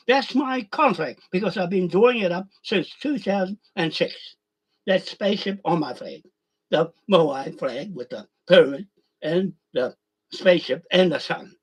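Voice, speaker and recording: A man's voice: a little high, husky. A man in a rambling, angry monologue, swearing and calling out listeners directly. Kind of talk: ranting monologue.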